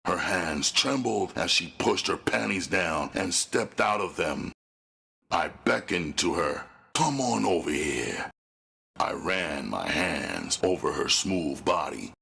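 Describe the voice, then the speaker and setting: A man reading a gritty first-person novel aloud as an audiobook narrator, with a slow, menacing delivery. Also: low voice, lively intonation, creaky, pushed and bright, husky.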